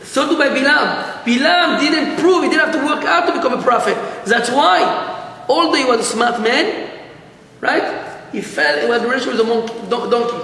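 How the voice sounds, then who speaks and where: A man with a strikingly high voice teaches a Torah class as a rabbi, telling his story with animation and playing out each character's words. He is recorded in a big echoing hall with a long, ringing tail. A faint hiss runs underneath. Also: lively intonation, fairly quick, sharp tone. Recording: echoey hall with faint noise.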